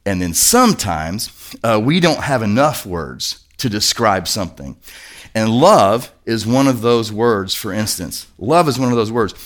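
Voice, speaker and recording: A man from Kentucky, a pastor, preaching a sermon in a church in a lively, conversational way, asking the congregation questions. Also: medium pitch.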